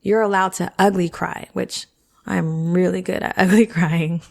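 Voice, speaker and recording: She speaks a little slowly in a mid-range voice with fairly even intonation and vocal fry. As a podcast host, she delivers frank, chatty advice in a casual monologue, frequently checking in with her audience.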